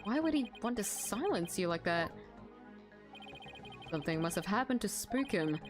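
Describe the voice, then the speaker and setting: A woman's voice: mid-range voice, sing-song, moderate pace, music in the background, close to an everyday voice. A woman reading the lines of an earnest, slightly nervous young male lawyer in a game.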